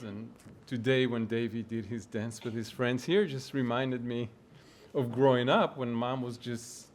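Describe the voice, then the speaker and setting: A man speaking off the cuff at his mother's memorial, halting and hesitant. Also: mid-range voice, slight background noise. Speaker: son of the deceased, eulogy speaker. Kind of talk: unprepared memorial remarks.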